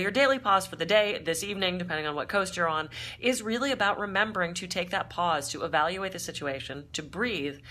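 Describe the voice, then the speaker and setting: A tired woman hosting her own vlog from a hotel room, telling a story in a chatty, animated way. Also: deep voice, a little hiss or hum. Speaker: vlog host and speaker.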